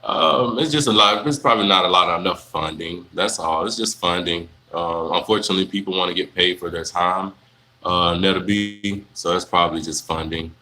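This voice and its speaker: A young man, chatting casually on a livestream, answering viewers in a relaxed, rambling way full of fillers. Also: deep voice, brisk, a little hiss or hum, rough recording. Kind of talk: casual live Q&A chat.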